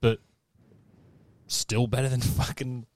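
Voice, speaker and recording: A young man in casual podcast chat, relaxed and matter-of-fact. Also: medium pitch, slow, dry recording. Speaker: podcast co-host.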